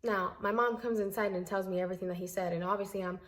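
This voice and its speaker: A woman's voice: medium pitch, fairly even intonation, fast talker, a bit bright. A young woman telling a storytime vlog to camera, heated and emphatic, at times tearful and earnest. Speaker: vlogger.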